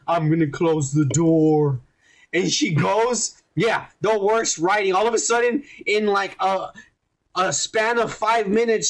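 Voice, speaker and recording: A man with a fairly high voice talking casually on a podcast. He rambles and swears his way through a story, slipping into quick voices for each character. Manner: profane, rambling, animated retelling with quoted voices. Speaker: podcast host reviewing a TV episode.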